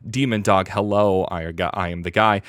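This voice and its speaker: A man's voice: lowish voice, steady tone, moderate pace, fairly bright tone, no room sound, clean studio sound. A man hosting a live reaction stream, talking in a hyper, playful, rambling way, laughing often and reading out chat names. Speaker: streamer host.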